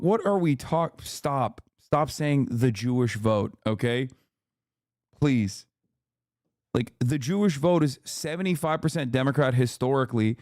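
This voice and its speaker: A male streamer giving animated, profane, sarcastic live commentary in a casual rant. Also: mid-range voice, no room sound, clean studio sound.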